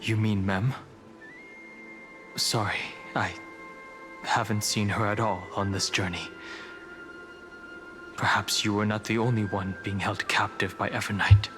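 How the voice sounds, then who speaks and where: A man playing a stoic young companion in a game, low-set voice, very slow, measured and solemn, music under him. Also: level tone, natural voice. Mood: calm. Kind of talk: game cutscene voice acting. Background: game soundtrack music.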